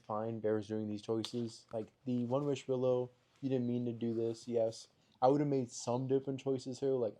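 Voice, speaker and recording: A man's voice: medium pitch, warm tone. A man guesting on a casual podcast, giving blunt, emphatic opinions about a horror movie.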